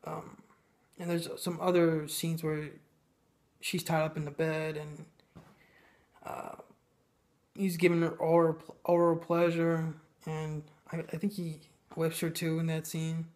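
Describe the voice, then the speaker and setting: A man giving a casual, ranting film review, blunt and sarcastic, with many pauses and fillers. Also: on the high side, completely flat delivery, a little mellow.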